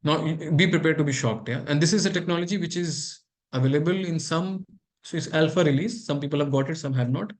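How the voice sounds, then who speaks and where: A man's voice: on the high side, quick pace. A man presenting a workshop and explaining a live demo to his audience with frequent asides.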